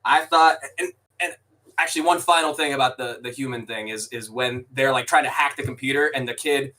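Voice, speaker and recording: A man's voice: medium pitch, a little fast, bright, forceful tone, far from the mic, low-quality recording. A man co-hosting a podcast, chatting casually about a film in rambling, restarting sentences with the odd swear. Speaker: podcast co-host. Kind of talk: casual movie review chat.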